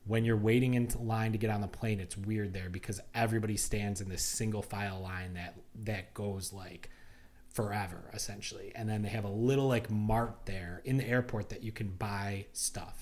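Lively storytelling podcast man. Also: on the low side, normal speed. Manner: animated storyteller, acts out quotes. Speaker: podcast co-host. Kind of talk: casual storytelling chat.

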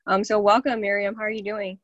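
Excited lady hosting a podcast, swears a bit, dry close sound. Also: medium pitch, fast, no room sound, dull audio. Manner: gushing, enthusiastic, swears casually. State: out of breath. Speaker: podcast host. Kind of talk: casual interview chat.

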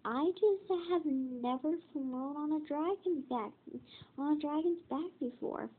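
An excitable young fairy girl from a storybook, read by a woman. The voice is high, the pace slow with halting restarts, and the sound is narrow and phone-like. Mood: excited.

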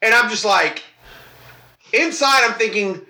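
A man co-hosting a casual chat show, telling a high school story with plenty of swearing. He acts out each person's lines as he goes. His voice is bright and forceful, a bit higher than most men's, and it rings in an echoey room. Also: unhurried. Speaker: podcast co-host. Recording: roomy echo.

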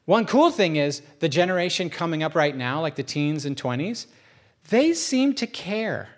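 A middle-aged male pastor delivering a relaxed, conversational sermon with a somewhat high voice. He tells stories animatedly, jumping into acted-out voices. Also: moderate pace. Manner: animated storyteller who acts out voices with big pitch jumps.

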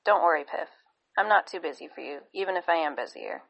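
A woman's voice: low voice, expressive, a little fast, creaky, fairly bright tone, lo-fi sound, full character voice. A woman voicing a cheerful, enthusiastic young husband and father, matter-of-fact and upbeat. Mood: earnest.

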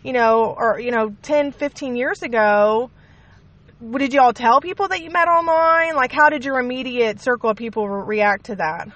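A woman's voice: a little high, normal speed, a bit bright, lo-fi sound. Chatty, rambling Kentucky woman host. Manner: rambling, laughing, apologetic asides. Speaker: podcast host. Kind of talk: casual interview.

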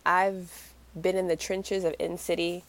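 A woman's voice: fairly low pitch, flat delivery, slow pace. A young woman co-hosting a casual chat podcast, wry and teasing with her friends. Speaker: podcast co-host.

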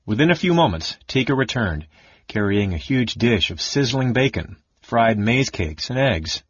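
A man narrating a fantasy audiobook in an expressive, steady storytelling manner. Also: medium pitch, normal speed, breathy edge, no echo. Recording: dull lo-fi audiobook recording.

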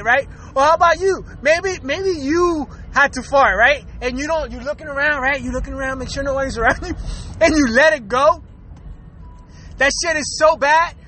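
A man with a very high, bright voice rants loosely through his own show. He swears freely, laughs between thoughts and stumbles over repeated words. The delivery is loose and chatty. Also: moderate pace, slight background noise. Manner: laughs often between lines, profane and rambling; repeats words and restarts while talking. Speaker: podcast host. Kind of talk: casual comedic rant.

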